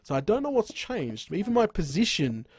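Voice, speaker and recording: An Australian man chats on a casual gaming stream from a room at home, speaking into a boom arm microphone. His voice sits a little high for a man. He rambles, restarts his sentences, laughs often and keeps saying "crikey". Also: very animated, moderate pace, husky, no echo. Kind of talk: casual live stream chat.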